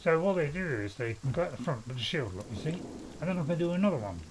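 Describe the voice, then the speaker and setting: A man's voice: on the high side, big pitch swings, quick pace, background noise. Chatty older man narrating gameplay. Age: 70s. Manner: rambling, chatty, joking and self-mocking. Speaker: gaming channel host. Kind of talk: casual gameplay commentary.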